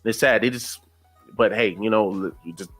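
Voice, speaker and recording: A man's voice: lowish voice, moderate pace, fairly bright tone, soft background music. A man giving blunt, casual commentary as a YouTuber, often repeating himself as he talks. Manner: blunt, repetitive, conversational.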